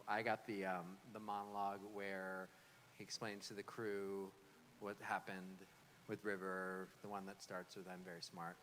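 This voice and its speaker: A man with a low but bright, forceful voice tells a rambling story on a convention panel, leaning on "you know" and "um". The sound carries through a large echoey hall. Faint noise hangs in the background. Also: little pitch movement, normal speed. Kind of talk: casual anecdote.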